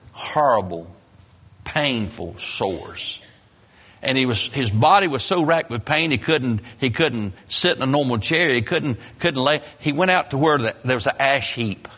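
Man, preacher, sermon, husky, mid-pitched, dramatic rises and hushed endings. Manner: dramatic storytelling with rising, emphatic peaks and soft low endings.

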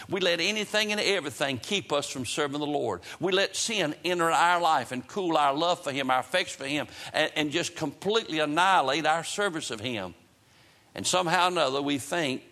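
A man's voice: on the high side, sharp tone. A man preaching a fervent sermon in a church, repeating phrases for emphasis and leading a prayer. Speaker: pastor. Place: church sanctuary, broadcast on radio and internet.

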